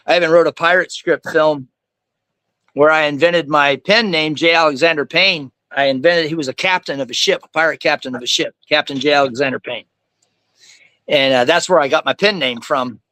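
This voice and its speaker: A man speaking as a guest in casual conversation, telling stories in an animated way and acting out the people he quotes. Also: fairly high pitch, no room sound, low-quality recording. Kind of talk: casual storytelling.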